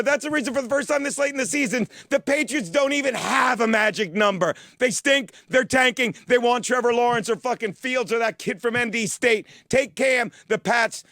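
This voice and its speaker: A man hosting a comic football picks show in a studio, foul-mouthed and mock-boastful, now and then bursting into shouts. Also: very high voice, no room sound. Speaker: host of a sports-betting picks show. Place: studio with a teleprompter.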